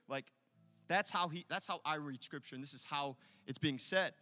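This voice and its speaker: A man preaching an impassioned sermon as pastor in a church, loud and rousing, leading his congregation in call-and-response. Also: a little high, normal speed, big-room sound. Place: church sanctuary.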